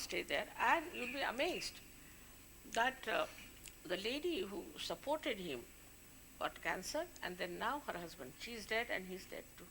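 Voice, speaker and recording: Bright-voiced woman scolding her followers. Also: medium pitch, big pitch swings, moderate pace, pauses often, a little hiss or hum. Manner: scolding, warning, conversational with asides. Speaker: spiritual leader addressing followers. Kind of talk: informal spiritual talk.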